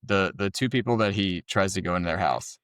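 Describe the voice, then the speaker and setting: A man's voice: low voice, a little fast, no echo, studio quality. A man co-hosting a podcast, chatting casually about a film and swearing freely. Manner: relaxed, swears freely, laughs often. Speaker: podcast co-host. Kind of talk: casual movie review chat.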